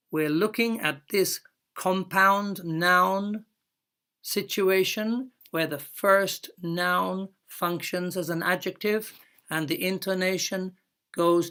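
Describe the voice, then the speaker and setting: A woman teaching a recorded English lesson at a very unhurried pace. Her voice sits a little low for a woman, and she draws out each example phrase carefully. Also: a bit bright, clean tone. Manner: slow, careful explaining with drawn-out example words.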